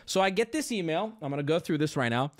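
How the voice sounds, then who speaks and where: A man's high, bright voice swings widely as he rants on stream. He is exasperated and profane but mocks himself too, and breaks into bursts of laughter. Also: lively intonation, fast. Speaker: livestreamer. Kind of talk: ranting stream monologue.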